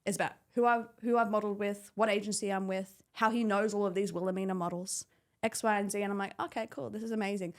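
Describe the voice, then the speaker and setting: Fast-talking young woman telling stories. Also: mid-range voice. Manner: animated storytelling, acts out quotes, swears freely. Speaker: podcast co-host. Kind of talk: casual chat.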